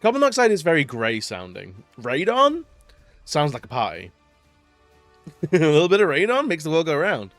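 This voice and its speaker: A man's voice: on the high side, wildly swooping pitch, moderate pace, long pauses, fairly bright tone, no room sound, faint music behind. A man chatting casually during a live stream, rambling and laughing often between remarks. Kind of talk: casual live-stream chat while gaming.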